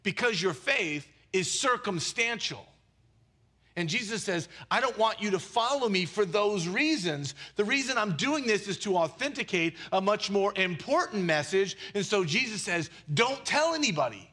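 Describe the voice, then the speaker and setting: Animated high-voiced male preacher. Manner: animated, conversational preaching with quick asides and jokes. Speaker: pastor. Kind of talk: sermon.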